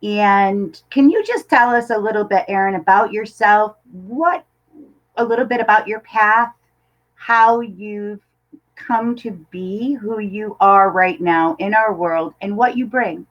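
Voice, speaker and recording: A woman's voice: medium pitch, unhurried, highs cut off. A woman hosting an interview, earnest and a bit hesitant as she thanks her guest and asks questions. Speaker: interview host. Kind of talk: interview conversation.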